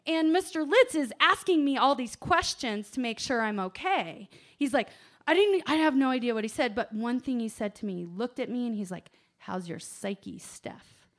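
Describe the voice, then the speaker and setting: A woman telling a personal story to an audience, animated, swinging from hushed asides to loud exclamations. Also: on the high side, fairly quick. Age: adult parent.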